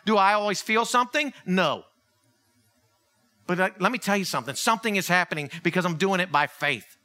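Bright, lively male preacher. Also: sits high. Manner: animated, conversational preaching with acted dialogue. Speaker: pastor. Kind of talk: sermon.

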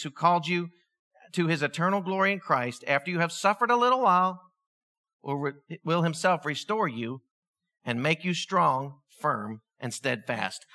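A man with a high, very bright and forceful voice preaches to his church. He talks in a chatty, animated way, telling stories and laughing along with them. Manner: conversational, animated storytelling with laughs. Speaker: pastor. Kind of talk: sermon.

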